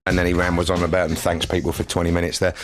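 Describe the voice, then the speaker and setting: A man's voice: low-pitched, monotone, rapid-fire, a little hiss or hum. A man presenting a radio show in casual chat, joking and rambling with frequent restarts. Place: radio studio.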